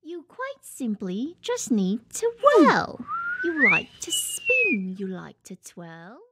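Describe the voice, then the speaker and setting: A woman voicing an eccentric cartoon therapist who speaks in a slow, breathy, drawn-out way. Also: high-pitched, wildly swooping pitch, fairly bright tone, exaggerated voice. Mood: calm. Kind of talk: cartoon voice acting.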